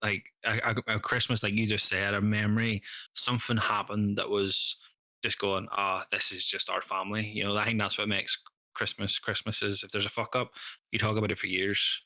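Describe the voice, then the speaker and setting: Young man, bright tense tone, dry sound, chatty co-host. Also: fairly low pitch, little pitch movement, moderate pace, no room sound. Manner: chatty, reactive, sweary. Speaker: podcast co-host. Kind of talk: casual banter.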